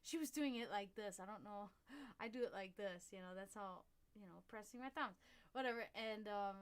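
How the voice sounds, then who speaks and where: A woman's voice: fairly high pitch, normal speed. A woman from Germany hosting a livestream, telling a rambling story in casual chat, swearing freely and breaking off to greet viewers. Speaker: livestream host.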